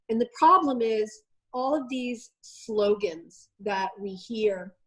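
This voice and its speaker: A woman's voice: mid-range voice, low-quality recording. A woman commentator, a guest in a conversation, making her points in an emphatic, impassioned way. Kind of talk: passionate conversation.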